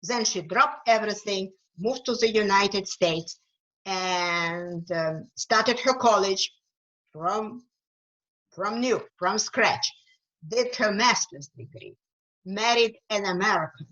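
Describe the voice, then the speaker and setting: This guest author from Ukraine gives a webinar talk in an East European accent, her pace slow and reflective, occasionally repeating words as she reaches for the right one. Her pitch is medium with a slightly bright quality, heard through dull audio.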